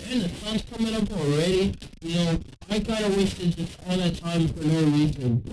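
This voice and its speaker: A man giving intense, excited gameplay commentary, trash-talking and reacting loudly. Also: sits high, moderate pace, noisy background. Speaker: gaming video creator.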